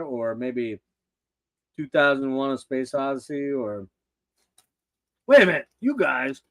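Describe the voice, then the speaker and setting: A man's voice: mid-range voice, fairly bright tone. An older man hosting a casual livestream, rambling and swearing with loose laughter. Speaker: host.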